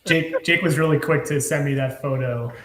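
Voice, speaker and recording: A man's voice: on the high side, normal speed. A man co-hosting a music podcast, chiming in briefly in casual chat. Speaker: podcast co-host. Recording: echoey room with noise.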